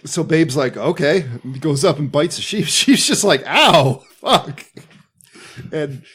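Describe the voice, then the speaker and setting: A man's voice: fairly high pitch, normal speed, breathy edge. Man casually recapping a film. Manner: rambling, acts out characters with swearing. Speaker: podcast co-host.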